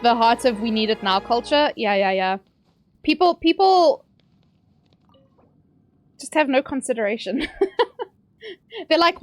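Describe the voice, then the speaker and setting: A woman's voice: a little high, expressive, measured pace, long pauses, no room sound. Chatty young woman game streamer. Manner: chatty and ranting, with sudden yelps at the game. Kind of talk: casual live-stream chat while gaming.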